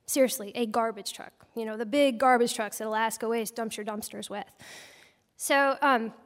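A woman wildlife biologist telling a personal story live, in a humorous, self-mocking and animated way. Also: high voice, in a large hall.

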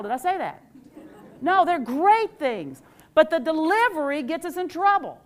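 A woman teacher gives an animated workshop talk, quizzing her audience and acting out phrases. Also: high-pitched, moderate pace. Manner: animated, quizzes the audience with call-and-response questions; acts out quoted phrases in playful voices. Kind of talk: live interactive workshop talk.

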